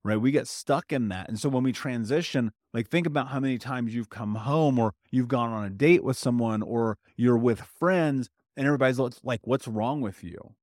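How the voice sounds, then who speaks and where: A man's voice: mid-range voice, normal speed, hardly any pauses, a little mellow, no echo, studio quality. A man who is a trauma healing coach, giving a motivational solo podcast talk in a direct, plain-spoken way that often checks in with "right?". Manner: plain-spoken, with casual swearing.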